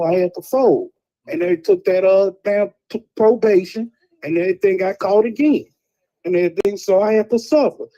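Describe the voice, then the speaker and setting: A man's voice: high voice, warm tone, low-quality recording. A middle-aged man, talking casually on a talk show, telling blunt, preachy stories about tough parenting. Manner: streetwise storytelling, blunt and preachy.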